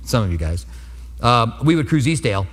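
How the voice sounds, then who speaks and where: A man's voice: mid-range voice, very animated, fairly quick. A man preaching a sermon as pastor, telling a personal testimony in an earnest, conversational way. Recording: long hall reverb.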